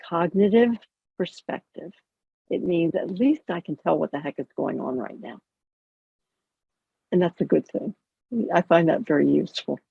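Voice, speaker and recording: A chaplain guides listeners through a self-compassion practice in a calm, conversational way, with touches of gentle humor. Her woman's voice is husky and slightly gravelly. The sound is dry and dull, typical of a lo-fi video call. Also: on the low side, no room sound. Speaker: chaplain and educator. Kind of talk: guided mindfulness teaching.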